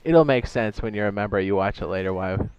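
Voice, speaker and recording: A man's voice: fairly low pitch, quick pace, a little mellow, clear, resonant tone, dull audio. Chatty male game streamer. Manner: rambling, chatty, says "dude" a lot, talks to himself; reads chat messages aloud. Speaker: streamer playing a survival game. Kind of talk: casual live-stream chat.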